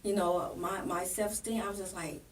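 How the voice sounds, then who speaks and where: A woman's voice: on the low side, level tone, moderate pace, far from the mic, a little hiss or hum. Earnest woman pastor telling her story. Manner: plain-spoken, earnest, acts out remembered dialogue. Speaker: pastor and political candidate. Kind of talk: emotional personal storytelling in a podcast interview.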